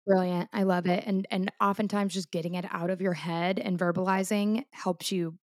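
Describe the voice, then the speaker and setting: A woman's voice: on the low side, flat delivery, moderate pace. A woman co-hosting a casual podcast chat, reflective and thinking aloud with frequent restarts. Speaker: podcast co-host.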